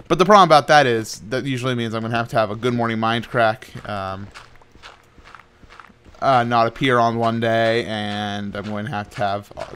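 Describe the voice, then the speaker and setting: A young man hosting a gaming channel, chatting casually over his gameplay in a rambling, playful way, laughing often and trailing off quietly. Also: fairly low pitch, clean tone. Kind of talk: casual Minecraft commentary.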